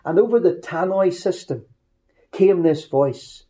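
A middle-aged man with a Northern Irish accent, preaching through humorous personal anecdotes with quick asides. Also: high-pitched, warm tone. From Northern Ireland. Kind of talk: storytelling sermon.

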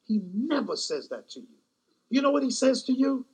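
Husky high-voiced male preacher. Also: big pitch swings, normal speed. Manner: emphatic, repeats phrases and questions the congregation. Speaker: pastor. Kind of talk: sermon with closing prayer.

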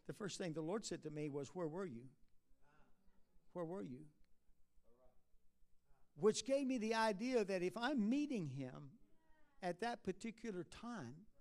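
A man preaching a sermon at a church conference, talking in a conversational way with halting restarts, rising to emphatic lines and dropping low and soft at asides. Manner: halting restarts and drawn-out uh fillers.

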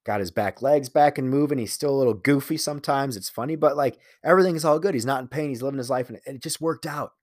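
A man's voice: medium pitch, quick pace, few pauses, darkish tone, no room sound. A man talking in a casual solo monologue, telling a candid, profane personal story and earnestly preaching about living life your own way. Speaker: solo speaker.

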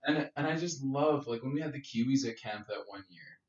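A Canadian man chatting on a podcast, laughing along and trying out quick impressions. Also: medium pitch, a little mellow. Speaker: podcast co-host. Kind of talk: casual chat. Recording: roomy and dull-sounding.

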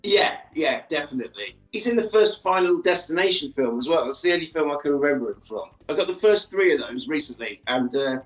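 A man's voice: fairly high pitch, expressive, fairly quick, few pauses, echoey room, soft background music, rough recording. A man, casually recapping a film's plot and acting out the characters' lines as a podcast co-host.

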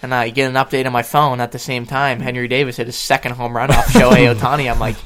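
A young man casually telling a story to his co-hosts, acting out quotes with lively jumps in voice and frequent laughs. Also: medium pitch, quick pace. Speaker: podcast co-host.

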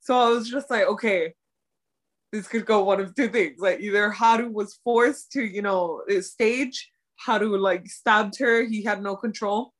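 Brief: young woman, mid-pitched voice, animated co-host who laughs and swears casually. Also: measured pace. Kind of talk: casual chat.

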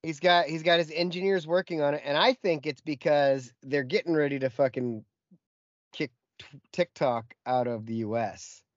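A man's voice: on the high side, moderate pace, dry recording, lo-fi sound. A man co-hosting a podcast, bantering and riffing on jokes with casual swearing. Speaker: podcast co-host. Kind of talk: casual chat.

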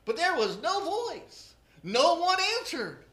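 A preacher delivers a sermon with humor, telling the story in an animated, lively way. The voice is high and bright. It echoes through a roomy church. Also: takes it slowly. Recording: roomy echo.

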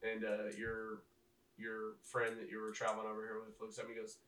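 Rambling game master in an echoey room. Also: male voice, fairly low pitch, monotone, a little fast, fairly bright tone. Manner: casual, rambling, lots of fillers. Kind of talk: narrating a tabletop game. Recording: roomy echo, mic at a distance.

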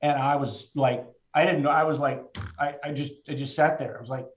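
A middle-aged man with a fairly high voice tells his own story candidly, plain-spoken and heartfelt, with casual restarts. The sound is roomy and somewhat dull, as if recorded in an echoing space. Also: steady tone, a little fast. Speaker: trader speaking as a guest. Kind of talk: candid personal storytelling in a conversation.

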